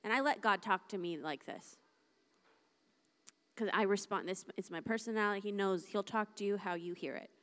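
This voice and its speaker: A woman preaching a lively, conversational sermon to a church congregation, acting out little dialogues as she talks. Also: medium pitch, moderate pace. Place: church service.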